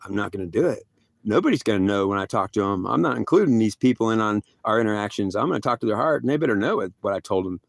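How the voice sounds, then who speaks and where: A man voicing a wrathful male God who scolds and threatens in a low, commanding tone. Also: expressive, quick pace, vocal fry, no room sound. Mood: threatening.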